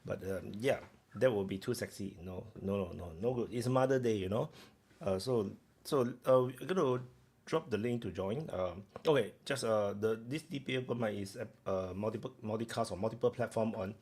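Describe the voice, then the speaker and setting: Gravelly man hosting a rambling stream. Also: fairly low pitch, moderate pace, darkish tone. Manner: rambling, lots of fillers and restarts, chatting with viewers. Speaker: live stream host. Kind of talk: casual live stream chat.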